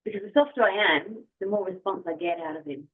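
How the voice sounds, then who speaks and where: Speaking fast at a medium pitch, an Australian woman appears as a podcast guest, chatting casually in an interview about her dog. She comes across friendly, enthusiastic and soft-spoken, and the audio sounds like a phone-style remote call.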